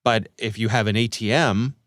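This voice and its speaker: A man co-hosting a podcast in casual chat, lively and joking around. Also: fairly low pitch, normal speed, no echo, clean studio sound. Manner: lively, chatty, jokes around. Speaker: podcast co-host.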